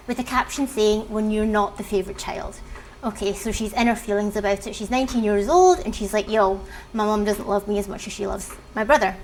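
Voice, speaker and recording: A chatty woman reads posts aloud and then drops casual asides about them. Her voice sits on the higher side, and a faint hiss of noise runs under it. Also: rough recording. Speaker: reaction video host. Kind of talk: reading and reacting to online posts.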